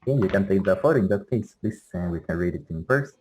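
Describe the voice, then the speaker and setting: A man's voice: low voice, animated, a little mellow, a little hiss or hum. Patient male English teacher on a call. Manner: patient, models words slowly for repetition. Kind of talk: pronunciation drills in an online class.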